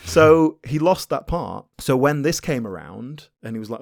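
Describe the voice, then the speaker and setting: A man co-hosting a casual podcast, animated and fond of acting out little quotes. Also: mid-range voice, moderate pace, creaky, no echo, studio quality. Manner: animated, acts out quotes in voices. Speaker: podcast co-host. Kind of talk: casual chat.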